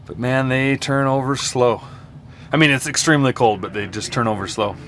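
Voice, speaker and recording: A man's voice: medium pitch, fairly even intonation, moderate pace, fairly bright tone. Easygoing young man, chatty ranch vlogger. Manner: chatty and easygoing, with small laughs and groans at the cold. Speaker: cattle rancher. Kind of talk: casual vlog narration. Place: outdoors and in barns on a cattle ranch in cold wind.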